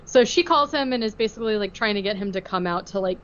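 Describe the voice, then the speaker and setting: A woman's voice: medium pitch, fast talker, a bit bright, muffled recording, slight background noise. A woman hosting a podcast, recapping a film in casual chat, full of "like" fillers and easy laughs. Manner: chatty, filler-heavy, laughs easily. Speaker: podcast host.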